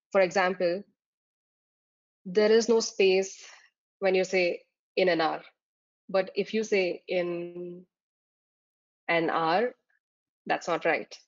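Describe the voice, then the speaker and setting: Here an exam tutor, a woman of medium pitch with a somewhat mellow tone, lectures from slides. She explains terms one step at a time, filling gaps with frequent "uh"s, captured on a dull lo-fi recording.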